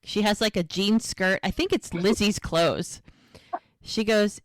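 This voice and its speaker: A woman co-host chatting casually about a TV show, retelling scenes with lively, animated delivery and playing each character's lines. Her voice sits mid-range for a woman. The recording is close and dry. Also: mid-range voice, unhurried, no room sound. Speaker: podcast co-host recapping a TV show.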